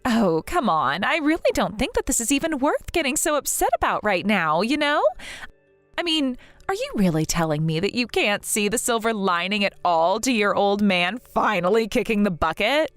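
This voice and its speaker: Casting: a woman doing a haughty rich sister-in-law for a story drama, sneering and gloating, pitched up with lively swoops, dry close sound. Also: normal speed, dry recording, faint music behind, lightly acted.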